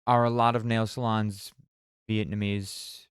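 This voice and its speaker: A man's voice: fairly low pitch, flat delivery, a little slow, clean tone, dry recording, clean studio sound. A man co-hosting a podcast, making blunt and wisecracking remarks in casual chat. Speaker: podcast co-host.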